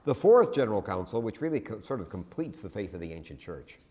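Low-voiced man lecturing casually. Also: big pitch swings, fast, warm tone. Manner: conversational, digressive, with many restarts and asides. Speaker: teacher. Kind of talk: classroom lecture.

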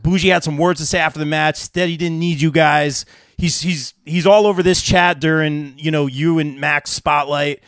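Male podcast host, fairly high voice, excitable, dry sound. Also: normal speed, no room sound. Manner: excitable, reads out chat comments. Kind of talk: live podcast interview.

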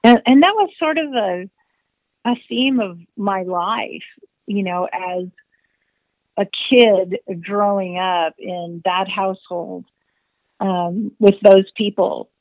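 A middle-aged woman telling a personal story as an interview guest, animated and acting out remembered dialogue. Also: mid-range voice, slow, dry recording. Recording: tinny phone-like line, dry.

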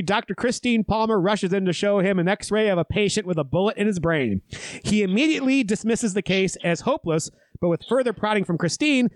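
A man with a high, very lively voice chats casually on a podcast, recapping a film and spinning anecdotes between laughs. His delivery bounces around in pitch as he tells the story. The sound is close and dry, with no room around it. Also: no echo. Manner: animated storyteller, laughs often. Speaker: podcast co-host. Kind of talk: casual movie recap chat.

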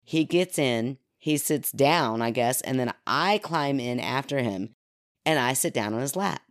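A woman from Kentucky telling a story in casual podcast chat, animated and often laughing as she talks. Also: a bass voice, a little slow, no room sound, clean studio sound.

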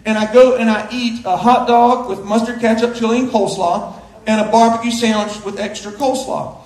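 A middle-aged male pastor preaching a sermon with a humorous story, moving from hushed asides to shouted punchlines and chuckling through the telling. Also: very high-pitched, fairly even intonation, a little fast. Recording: roomy echo of a big hall.

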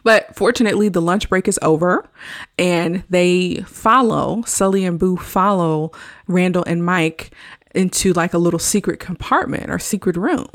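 A woman's voice: on the low side, moderate pace, no echo, studio quality. A woman hosting a podcast, casually recapping a film scene by scene and laughing often as she goes. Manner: chatty, laughs often while retelling scenes. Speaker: podcast host.

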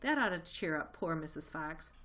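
A clever, cheerful fox father from a storybook, brisk and upbeat, with a bright, ringing tone. A woman reads him aloud in a lifted voice. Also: deep voice, animated. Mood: cheery.

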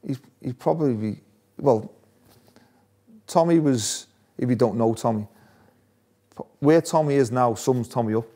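Speaking at mid-range pitch with a darkish tone, this ex-footballer guest goes a little slowly and pauses often. He's chatty in the casual interview, laughs frequently and keeps restarting his phrases as he tells stories.

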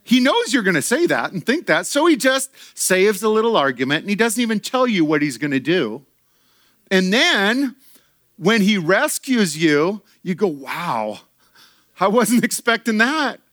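Animated pastor with a fairly high voice. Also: male voice, normal speed, dry recording, studio quality. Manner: animated, acts out quoted voices, laughs often. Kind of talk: sermon.

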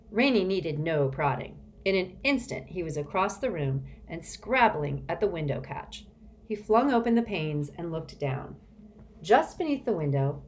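A woman narrating an audiobook in a measured, expressive storytelling manner. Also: fairly low pitch, a little hiss or hum.

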